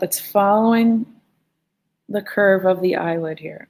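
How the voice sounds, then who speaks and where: A woman's voice: mid-range voice, unhurried, vocal fry, darkish tone. A woman teaching a live online drawing lesson in a chatty, playful way, talking as she draws. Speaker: art teacher. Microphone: phone.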